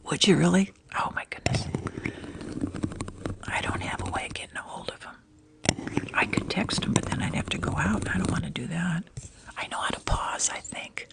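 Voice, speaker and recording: A woman's voice: fairly low pitch, moderate pace, gravelly, long pauses. Whispering older woman on a phone live stream. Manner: chatty, mostly whispering, sometimes slipping into normal voice. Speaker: ASMR livestream host.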